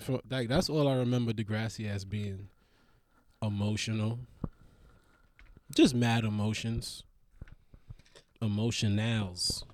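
A young man riffing in a casual comedic monologue, rambling and profane, with big jumps up in pitch when he gets worked up. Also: a little mellow. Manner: trails off into mutters.

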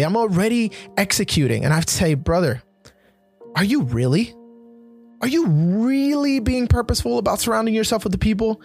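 A man hosting a motivational talk for men, speaking earnestly and emphatically, slowing down to repeat his key points. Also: fairly high pitch. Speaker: men's motivational podcast host.

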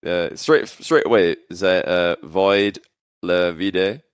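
A man's voice: sits low, slow, clean tone, no echo, studio quality. A man hosting a casual podcast, reading out listener questions in an easygoing, teasing way.

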